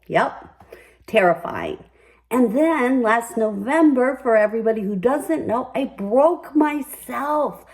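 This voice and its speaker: An older woman hosts a personal commentary, telling her story in an emphatic, upbeat way. Her voice is mid-range, and the audio is poor.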